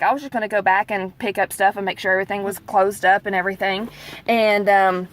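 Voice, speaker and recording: A woman, telling a story in lively chat and leaping up in pitch for quoted lines. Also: quick pace. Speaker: vlog co-host, theater director.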